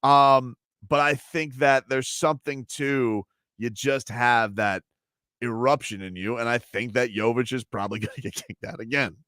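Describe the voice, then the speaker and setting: A man's voice: mid-range voice, fairly even intonation, normal speed, fairly bright tone, dry recording, clean studio sound. A male sports radio host in casual banter, joking and rambling through stories.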